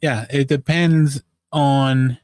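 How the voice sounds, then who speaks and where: A man's voice: medium pitch, steady tone, extremely slow, a little mellow, no echo. A man co-hosting a podcast in casual chat, adding short comments to a friend's story. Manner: brief interjections and comments. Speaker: podcast co-host.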